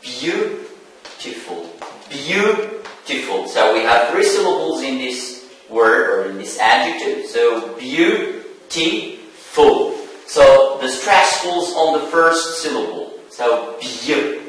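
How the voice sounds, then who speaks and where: A man teaching an English lesson, speaking slowly and repeating key words for his students. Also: mid-range voice, animated, a bit bright. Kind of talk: televised classroom lesson. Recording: echoey room, voice from far off.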